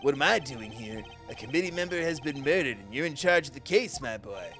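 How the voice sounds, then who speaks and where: A man voicing a sentimental, doting old committee chairman with a wistful, grandfatherly, drawn-out delivery. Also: medium pitch, expressive, a bit bright, soft background music. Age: older.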